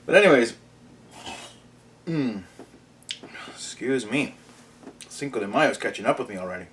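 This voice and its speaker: A man's voice: medium pitch, lively intonation, moderate pace, fairly bright tone, a little hiss or hum. Joking Mexican-born man hosting a vlog. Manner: joking, laughs through his lines. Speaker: vlog host. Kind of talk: casual vlog monologue.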